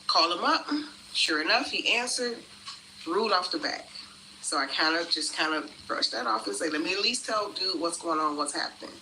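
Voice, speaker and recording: A woman's voice: lowish voice, moderate pace, noisy background. A woman telling the story of a refund dispute in an indignant way, acting out both sides of the phone call. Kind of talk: storytelling vlog.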